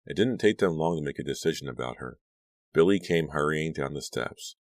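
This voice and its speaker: Male narrator, audiobook reading, extremely deep voice, dry close sound, measured. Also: no room sound. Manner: steady, measured storytelling.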